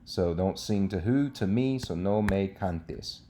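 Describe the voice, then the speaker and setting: A man's voice: low-pitched, slow pace, dark tone, a little hiss or hum. A man teaching a recorded Spanish lesson, explaining step by step in a patient way with frequent checks like "okay".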